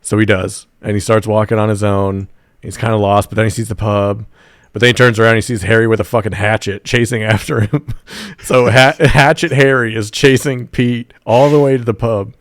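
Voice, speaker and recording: A low-pitched man talks through a movie's plot on a podcast, recorded dry and close. He quotes the characters as he goes and swears casually along the way. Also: flat delivery, a little fast, dry recording. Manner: retells scenes with quoted lines and swearing. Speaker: podcast co-host.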